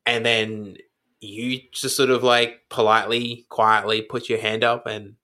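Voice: mid-range voice, level tone, sharp tone. A speaker chatting casually in a playful, teasing way. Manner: playful, teasing, quick to laugh. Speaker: conversation partner. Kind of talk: casual chat.

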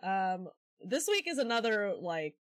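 A young woman co-hosting a podcast chats casually and laughs often. Her voice sits at a middling pitch and is recorded dry and close, with no room sound. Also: sing-song, unhurried, dry recording. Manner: laughs often, short reactions. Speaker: podcast co-host. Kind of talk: casual chat.

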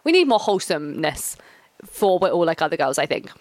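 A woman's voice: deep voice, sing-song, fairly quick, no room sound. A young woman from England hosting a casual solo podcast, chatty and rambling with frequent asides. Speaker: podcast host.

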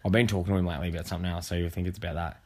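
A man with an Australian accent hosting a casual chat, jokey and quick to laugh. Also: sits low, level tone, noisy background. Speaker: podcast host. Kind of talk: casual banter.

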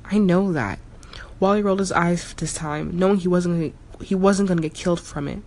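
A woman's voice: on the low side, steady tone, brisk, darkish tone. A woman reading a fantasy story aloud as narrator, telling it steadily with the odd slip and retake. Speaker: audiobook narrator.

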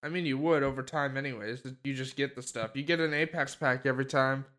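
A podcast co-host with a mid-range voice talks fast with fairly even intonation and a sharp tone. His casual chat rambles along with many fillers and restarts.

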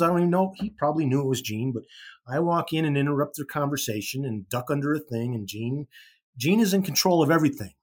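A man's voice: medium pitch, breathy edge. A middle-aged man from Chicago, a podcast guest, telling a story in casual chat and acting out the voices of people he quotes. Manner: animated, acts out quoted voices.

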